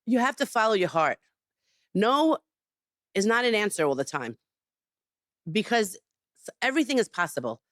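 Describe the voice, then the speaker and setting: A woman chef, a podcast guest, recounts her story with animated emphasis, peppering it with "like" and "you know." Her medium-pitched voice moves at a moderate pace with frequent pauses, captured in dry, studio-quality sound.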